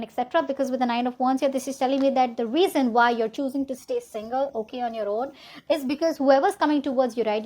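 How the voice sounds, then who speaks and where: A woman's voice: high-pitched, darkish tone. A woman giving a casual tarot reading to camera, chatty and reassuring, often checking in with "okay?". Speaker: tarot reader.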